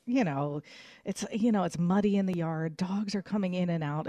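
A woman's voice: low-pitched, dark tone, dry recording. A woman co-hosting a radio show, chatting in an upbeat way with plenty of fillers. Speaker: radio co-host. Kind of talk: casual on-air chat. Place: radio studio.

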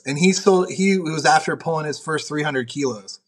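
A man's voice: on the high side, moderate pace, few pauses, fairly bright tone. A young man, a powerlifter, telling stories on a podcast in a rambling, profane way, full of "like". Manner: profane, rambling, heavy use of "like". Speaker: podcast guest, powerlifter and referee. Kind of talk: casual podcast chat.

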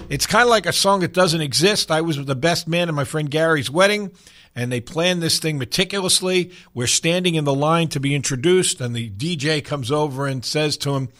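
A man's voice: a little high, animated, moderate pace, fairly bright tone. An older man hosting a sports radio show in a studio, talking in a folksy, rambling way with bursts of mock anger. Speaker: radio sports talk host. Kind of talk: casual sports radio talk.

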